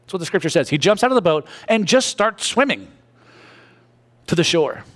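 A man preaching a sermon in church, telling the story with animated voices and jokey asides. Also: sits high, moderate pace. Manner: animated storytelling, acting out characters. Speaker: pastor.

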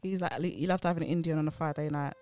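A woman's voice: low voice, fairly even intonation, quick pace, mellow, no echo. A young woman with a Cockney accent from East London, hosting a casual group chat and laughing often. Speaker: podcast host.

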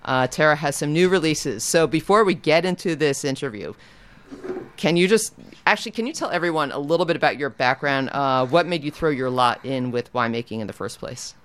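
A man's voice: a little high, expressive, fairly quick, a bit bright, slight background noise. A man hosting a casual radio show in a studio, rambling and correcting himself as he talks. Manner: rambling, self-correcting, chatty. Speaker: radio DJ and host.

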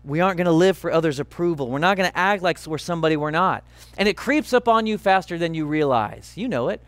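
High-voiced earnest male pastor preaching. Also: lively intonation, a bit bright, no echo. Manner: earnest, emphatic, slowing on key phrases. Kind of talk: sermon.

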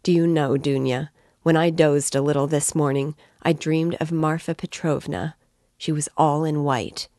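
A woman's voice: deep voice, fairly even intonation, moderate pace, darkish tone, no echo, clean studio sound, lightly acted. Woman reading as a fretful, tearful mother. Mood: anxious. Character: anxious, fluttering middle-aged mother.

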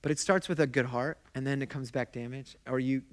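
A man's voice: medium pitch, steady tone, a little fast. A male pastor delivering a sermon in a middle-range voice. He talks conversationally, drawing the congregation in with questions. He tells his stories with passion. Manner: impassioned storytelling.

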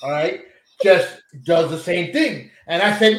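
A man with a fairly high voice tells a story in an animated way as a podcast co-host. He swears freely in a casual chat. The room around him sounds echoey. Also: measured pace, slight background noise.

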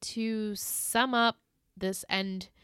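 A woman co-hosting a podcast in casual chat, recapping scenes with animated retellings. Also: mid-range voice, extremely slow, smooth, no room sound, studio quality. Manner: animated retelling, acts out quoted lines in exaggerated voices. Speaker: podcast co-host.

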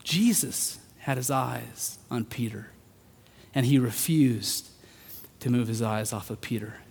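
A man preaching a sermon, earnest, rising to emphatic peaks and then dropping soft. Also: mid-range voice, slow pace, vocal fry, slightly rough. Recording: long hall reverb.

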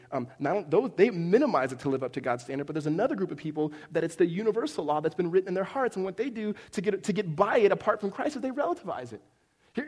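A man's voice: sits high, darkish tone. Conversational male pastor in reverberant hall. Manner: conversational, jokey storytelling with many "right?" asides. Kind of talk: sermon.

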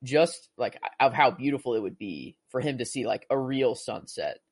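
A man's voice: mid-range voice, expressive, moderate pace, slightly rough, no room sound. A man chatting casually about a movie, rambling and gushing, full of filler words and restarts. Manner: emotional, gushing about the film.

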